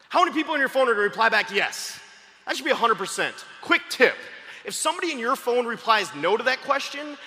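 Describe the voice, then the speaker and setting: A high-voiced man pumps up a crowd with a motivational sales training talk, fast-talking and excitable, often breaking into shouts. His voice is very bright and sharp, and it rings out with long reverb through a large hall.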